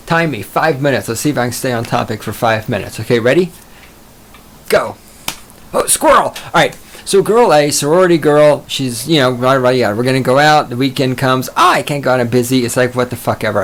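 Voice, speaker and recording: A man's voice: mid-range voice, fairly quick, a little hiss or hum. A man hosting a solo podcast, rambling and profane, mocking himself as he goes off topic. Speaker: podcast host.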